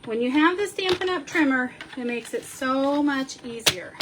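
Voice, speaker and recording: A woman's voice: sits high, lively intonation, normal speed, noisy background. A woman hosting a casual card-making tutorial, chatty and homey, with playful little word repeats.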